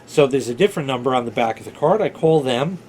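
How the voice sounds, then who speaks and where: A man's voice: mid-range voice, lively intonation, fast, darkish tone, slight background noise. A man casually telling a rambling personal story, informal, with filler words and the odd swear. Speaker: vlogger.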